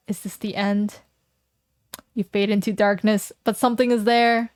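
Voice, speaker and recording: A woman's voice: mid-range voice, little pitch movement, moderate pace, darkish tone, dry recording. A young woman streaming, reading a game aloud, playful and joking with chat on a close mic. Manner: playful and giggly, jokes with chat. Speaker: vtuber streamer.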